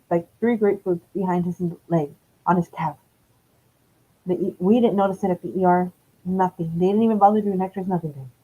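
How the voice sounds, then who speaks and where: A woman's voice: medium pitch, darkish tone. Rambling, profane woman. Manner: rambling, profane, self-correcting. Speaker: live streamer. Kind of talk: casual storytelling. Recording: dull lo-fi stream audio.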